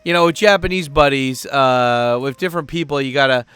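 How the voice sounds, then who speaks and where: A man's voice: medium pitch, brisk, a bit bright, clean tone, no room sound. A man living abroad, telling a story in a casual vlog rant, rambling and swearing freely. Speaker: vlogger living in Japan.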